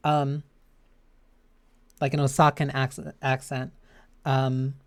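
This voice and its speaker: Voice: mid-range voice, a little mellow. Chatty streamer reading a game aloud. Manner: chatty, reads game text aloud with many fillers. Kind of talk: live game stream commentary.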